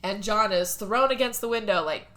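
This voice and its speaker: A woman's voice: medium pitch, normal speed. A young adult woman co-hosting a podcast, giving a casual, giggly recap of a movie. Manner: giggly, animated storyteller. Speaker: podcast co-host.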